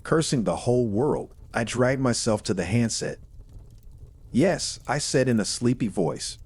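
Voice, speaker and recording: A man reading a first-person horror story in a steady, measured storytelling manner. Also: medium pitch, breathy edge.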